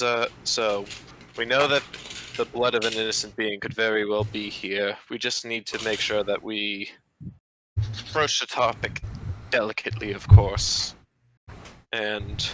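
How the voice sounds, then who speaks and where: A man's voice: lowish voice, little pitch movement, a little slow, long pauses, background noise, close to an everyday voice. A man playing a careful woman companion. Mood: measured.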